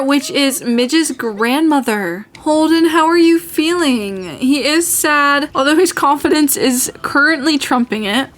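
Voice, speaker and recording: High-voiced, excitable woman gaming host. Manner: chatty and excitable, gasps often. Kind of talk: casual gameplay commentary.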